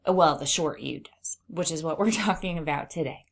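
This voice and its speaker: A middle-aged woman teaching a phonics lesson to young readers. She sounds out sentences slowly, word by word, and hums while she scans the page for letters. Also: low voice. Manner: slow, exaggerated word-by-word reading aloud. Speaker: reading teacher.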